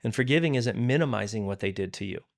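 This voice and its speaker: This middle-aged pastor speaks fast, in a gravelly, low-leaning voice full of animation. As a podcast guest, he's telling his own story of forgiveness in an earnest, candid way, and he keeps restarting and repeating words.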